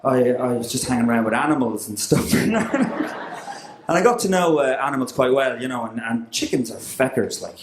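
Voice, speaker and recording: A man's voice: medium pitch, animated, moderate pace, roomy sound, a little hiss or hum. An Irish man doing a stand-up set with a guitar, talking in a loose, rambling way full of fillers. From Ireland. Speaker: stand-up comedian.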